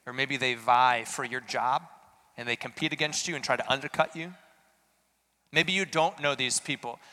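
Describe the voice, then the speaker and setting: A man delivering an earnest sermon with a bright, crisp, resonant voice. He asks searching questions and rises to emphatic peaks. His words ring out with the long reverb of a large church hall. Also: mid-range voice. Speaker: preacher.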